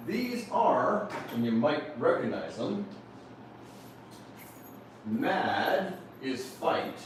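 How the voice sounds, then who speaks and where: A man leading a motivational workshop, lively and questioning his audience, often telling them to write points down. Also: mid-range voice, very slow, slight background noise. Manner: animated, questions the audience, repeats instructions. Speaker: seminar speaker. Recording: echoey room from far off.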